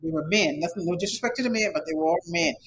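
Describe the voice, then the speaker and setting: A man's voice: high-pitched, animated, rapid-fire, vocal fry, a bit bright, poor audio. A man who teaches an online course, giving his students a casual, rambling, repetitive motivational talk with emphatic repeated urging. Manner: casual, conversational.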